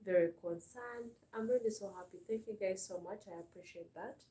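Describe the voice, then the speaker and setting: Brisk and dark-toned, this mid-range woman's voice carries a Ugandan English accent as she hosts her channel's live stream. The chat is casual and earnest, brimming with thanks, repeated words and fillers. A distant mic leaves the audio roomy and slightly off-mic.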